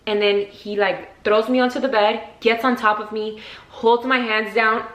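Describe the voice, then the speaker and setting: A woman's voice: fairly high pitch, little pitch movement, moderate pace. A young woman vlogger telling a story in a casual storytime video, full of "like" fillers and acted-out quotes. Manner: chatty, frequent "like" fillers; acts out quotes with sudden shifts in loudness. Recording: roomy echo.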